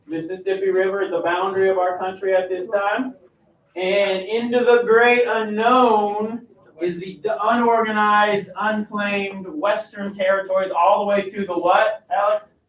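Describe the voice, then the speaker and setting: A man's voice: sits high, flat delivery, unhurried, a bit bright. A male teacher leading his class through a role-play lesson, directing and coaching the students. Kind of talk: classroom instruction. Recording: echoey classroom, mic far off.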